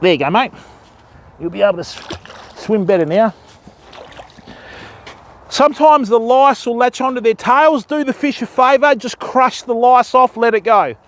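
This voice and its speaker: A man's voice: very high voice, animated, moderate pace, long pauses, a little hiss or hum. An Australian man chatting casually on a live fishing stream, explaining step by step how to bait and rig for the viewers. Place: outdoors on a river bank at dusk.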